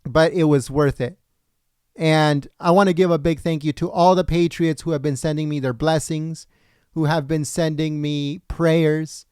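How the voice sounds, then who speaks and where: A man's voice: on the high side, fairly even intonation, measured pace, darkish tone, clear, resonant tone, no echo, clean studio sound. A man hosting a political livestream, speaking earnestly and directly to his viewers, his voice tired after a long broadcast. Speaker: livestream political commentary host. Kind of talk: casual livestream sign-off.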